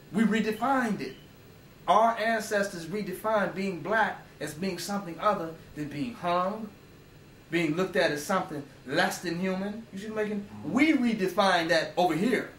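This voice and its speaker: A man's voice: high-pitched, a bit bright, far from the mic, a little hiss or hum. A man giving an informal lecture, emphatic and profane, often asking his listeners rhetorical questions. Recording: roomy echo, voice away from the mic.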